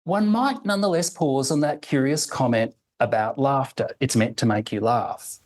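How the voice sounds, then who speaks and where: A man reading a prepared academic lecture in a measured, deliberate way, slowing to sound out example phrases. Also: mid-range voice, darkish tone, rough recording.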